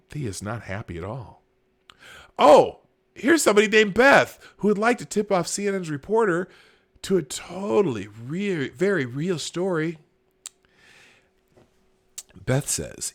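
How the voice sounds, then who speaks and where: Sarcastic, lively male podcast host. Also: mid-range voice, unhurried. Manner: sarcastic, laughing, jumps between mumbling and loud mock outrage. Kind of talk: casual political commentary, reading headlines and tweets aloud. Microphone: camera and desk mic, live stream.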